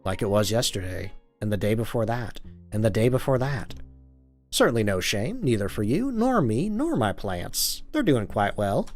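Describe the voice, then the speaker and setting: A man's voice: on the low side, big pitch swings, normal speed, faint music behind. A man voicing a flirty, saucy middle-aged lady with a put-on Southern US accent, drawling and theatrical. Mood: flirtatious.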